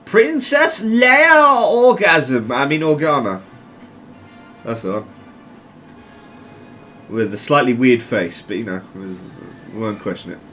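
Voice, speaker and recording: A man giving casual gameplay commentary, excitable and jokey, swearing often. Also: lowish voice, measured pace, long pauses, soft background music. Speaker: gamer.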